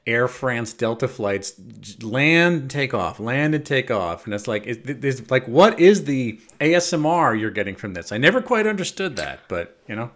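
This is a man co-hosting a casual chat podcast. His pitch rises and falls freely as he talks. He rambles, stops himself mid-thought and starts again. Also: normal speed, few pauses. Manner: rambling, self-correcting, lively. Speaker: podcast co-host. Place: lives in Amsterdam.

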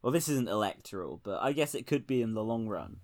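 A man's voice: fairly low pitch, lively intonation, a little fast, a little mellow. A young man co-hosting a casual political podcast, sardonic and laughing, with frequent restarts. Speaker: podcast co-host.

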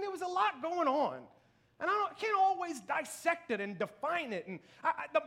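A man's voice: extremely high pitch, bright, forceful tone. A man in his thirties preaching a sermon in church, chatty and self-deprecating, often laughing. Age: 30s. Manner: conversational, self-deprecating, frequent laughter and "you know what I mean". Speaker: pastor.

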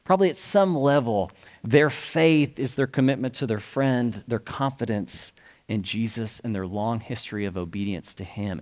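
A man's voice: on the low side, darkish tone. A man, a pastor preaching a sermon in an earnest, conversational way and asking his listeners questions.

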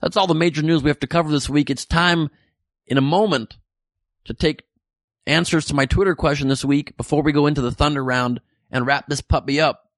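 A man's voice: on the high side, steady tone, a little fast, no room sound, studio quality. A man hosting a comedic weekly news podcast, reading listener messages with jokey, irreverent asides. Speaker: podcast host.

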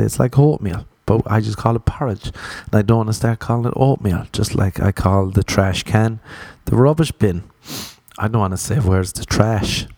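Irish male stand-up, sweary ranting delivery, lower voice, close and dry. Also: creaky, darkish tone, dry recording. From Ireland. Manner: profane, ranting, acts out voices. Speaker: stand-up comedian. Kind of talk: stand-up comedy.

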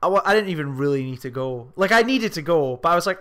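A man's voice: on the high side, lively intonation, fast, few pauses, a bit bright, clean tone. Sweary, ranting man. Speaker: film podcast co-host. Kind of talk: casual chat.

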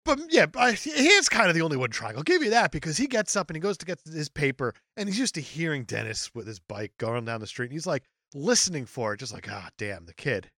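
Sarcastic, animated woman podcaster. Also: low voice, fast talker, few pauses, no echo. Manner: sarcastic, animated, mock voices. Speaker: podcast co-host. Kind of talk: casual movie review chat.

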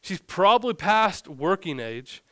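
A young man preaches a relaxed, humorous sermon, his voice smooth and resonant and a little high. The sound is dry and close, with no room echo around it. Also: a little slow. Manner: casual, joking preaching with vivid storytelling. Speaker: pastor.

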